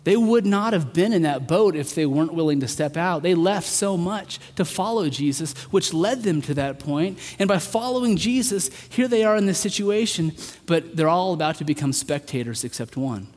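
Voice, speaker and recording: Man preaching, earnest, swells to emphatic peaks then softens, higher-pitched voice, long hall reverb. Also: lively intonation, normal speed, few pauses. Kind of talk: sermon.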